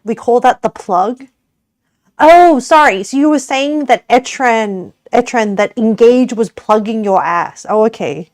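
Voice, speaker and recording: Giggly Australian woman streamer, unhurried. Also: a little high, a little mellow, dry recording, clean studio sound. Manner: giggly, rambling, self-correcting. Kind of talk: casual livestream chat while cooking.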